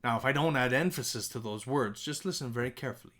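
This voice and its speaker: A man's voice: mid-range voice, fast talker, hardly any pauses, a bit bright. A man teaching a recorded music composition lesson, talking in a friendly, chatty way with fillers.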